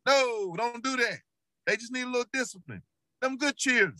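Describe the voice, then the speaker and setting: A man's voice: very high-pitched, moderate pace, bright, forceful tone, no echo. A middle-aged man with a Memphis Southern accent, talking earnestly and repetitively as a guest in a casual interview. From Memphis, Tennessee. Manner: earnest, repetitive, preachy storytelling. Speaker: rapper guest.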